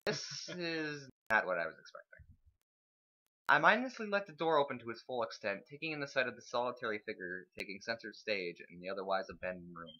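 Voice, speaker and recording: A man's voice: mid-range voice, animated, a little fast, pushed and bright, dull audio. A man reading visual novel narration aloud during a casual let's play, laughing between lines.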